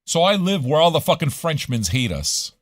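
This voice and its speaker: A man's voice: fairly high pitch, very animated, moderate pace, no echo. A man from Montreal hosting a casual livestream radio show, talking in a profane, rambling way and dropping into French now and then. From Montreal, Canada.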